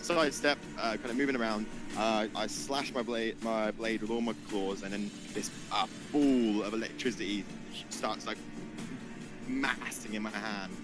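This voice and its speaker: A man playing in a tabletop game over a call, describing his moves haltingly as he thinks them through. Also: lowish voice, fairly even intonation. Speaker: player. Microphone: online voice call. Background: background music.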